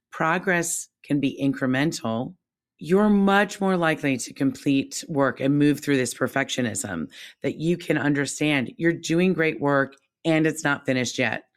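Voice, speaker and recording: A woman co-hosting a podcast, talking in a reflective, animated way that jumps up when she stresses a point. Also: measured pace. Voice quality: calls her own voice squeaky. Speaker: podcast co-host. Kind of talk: casual chat.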